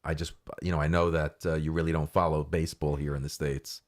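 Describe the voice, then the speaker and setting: Deep-voiced man rambling on air. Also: level tone, fast talker. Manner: rambling, filler-heavy enthusing. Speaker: host. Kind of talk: casual chat.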